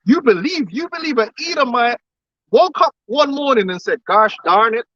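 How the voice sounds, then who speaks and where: Man preaching hard, high voice for a guy, lots of rhetorical questions, muffled dull audio. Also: big pitch swings, moderate pace, a bit bright. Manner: emphatic, rhetorical questions, repeats words. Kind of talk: impassioned lecture. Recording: dull, dry recording.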